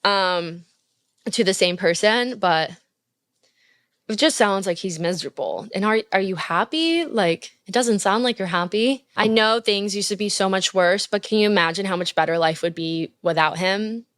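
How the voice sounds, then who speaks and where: A woman's voice: mid-range voice, normal speed, a bit bright, dry recording. A young woman hosting a podcast, giving casual advice in a blunt, profane, gushing way. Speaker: podcast host.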